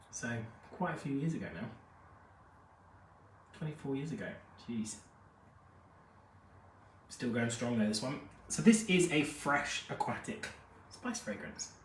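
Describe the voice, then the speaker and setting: A man's voice: medium pitch, slight background noise. Chatty man, echoey and distant. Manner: chatty and gushing, reads out viewer comments. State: unwell after a jab, feverish. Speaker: fragrance expert host. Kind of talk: live-stream product review chat. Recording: echoey room, mic at a distance.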